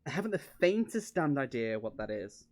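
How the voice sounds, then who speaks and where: An easygoing old comrade from the road, a male adventurer voiced in a plain, middling pitch by a man reading aloud. The delivery is casual and relaxed, with small stumbles. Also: moderate pace, natural voice.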